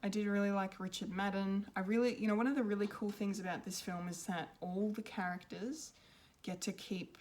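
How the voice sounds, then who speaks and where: A woman's voice: medium pitch, steady tone, a little fast, hardly any pauses, darkish tone. Rambling woman reviewing a film. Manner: rambling, hesitant, many ums and restarts. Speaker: pop culture reviewer.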